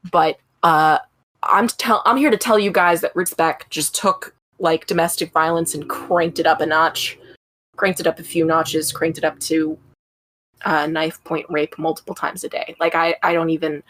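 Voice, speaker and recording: A woman hosting a casual true-crime podcast, talking in a chatty, profane way full of ums. Her voice sits a little low, and the recording is dry and close. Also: fairly bright tone, dry recording. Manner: chatty, profane, laughing asides, many ums. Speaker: podcast host.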